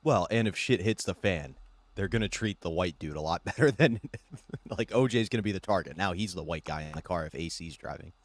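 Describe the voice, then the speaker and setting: A man's voice: low voice, lively intonation, brisk, no room sound. A man co-hosting a live talk stream, chiming in with wry, crude jokes. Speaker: co-host. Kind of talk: casual live-stream chat.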